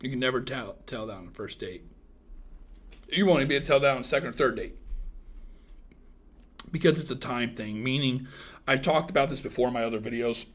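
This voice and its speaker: A man in his thirties hosting a casual livestream, teasing and joking crudely with his viewers, swinging from loud outbursts to mumbled asides. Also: medium pitch, brisk, pauses often. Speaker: livestream host chatting with viewers.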